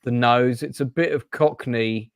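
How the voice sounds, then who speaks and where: A man's voice: mid-range voice, a little slow, vocal fry, clean tone, no echo, clean studio sound. A man hosting a casual film and TV chat, talking in a rambling, hesitant way with many restarts. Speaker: host.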